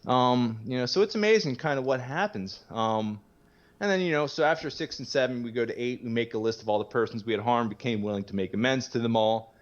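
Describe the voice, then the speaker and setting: A man's voice: mid-range voice, a little fast, highs cut off. A man guest talking candidly in casual conversation, rambling with many fillers, swearing casually and laughing easily. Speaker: podcast guest sharing his recovery story.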